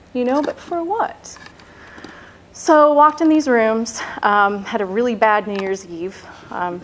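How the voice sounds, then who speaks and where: A woman's voice: mid-range voice, slight background noise, rough recording. Candid woman sharing her recovery story. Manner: candid, halting, full of "like" and "you know". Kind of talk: personal testimony.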